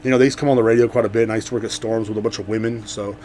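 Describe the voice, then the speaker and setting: A man's voice: lowish voice, steady tone, rapid-fire, a little hiss or hum. Rambling, profane man. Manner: rambling, profane, swings between loud outbursts and mutters. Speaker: podcast host. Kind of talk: casual comedic monologue.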